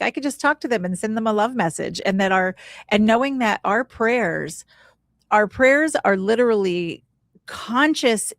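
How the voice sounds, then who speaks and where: A woman's voice: medium pitch, vocal fry, no echo, clean studio sound. A woman as a podcast guest, telling a heartfelt personal story in a casual, earnest, reflective way, often saying "like". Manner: casual, earnest, leans on "like" while recounting; spiritual, reflective tone.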